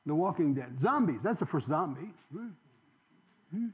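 High-voiced man preaching a sermon. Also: big pitch swings, slow pace. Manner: preaching with rhetorical questions, swinging from loud to hushed; emotional, drops to a near whisper. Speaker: pastor.

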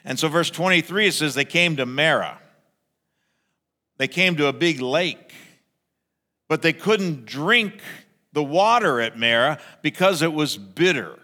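A man preaching a sermon as pastor, animated, acting out a grumbling crowd in raised voices. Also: on the high side, measured pace, pauses often, big-room sound.

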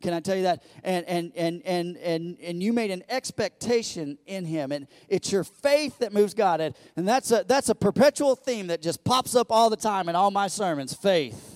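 A man preaching a lively sermon in a fairly high voice. He swings from loud, climbing peaks down to quiet asides and stumbles over repeated words as he builds momentum. The sound is close and dry. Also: moderate pace, few pauses, dry recording. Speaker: pastor.

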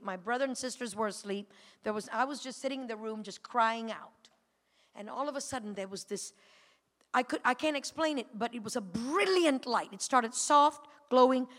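A woman giving a personal testimony to a church congregation, moving from a quiet retelling to fervent calls. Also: fairly high pitch. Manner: builds from quiet storytelling to fervent shouting. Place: church sanctuary. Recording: long church hall reverb.

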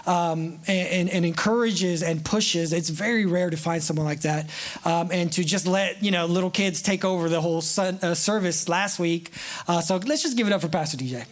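A man preaching as a pastor to his church, excited, chatty and joking as he goes. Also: high-pitched, normal speed. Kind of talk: sermon. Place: church sanctuary.

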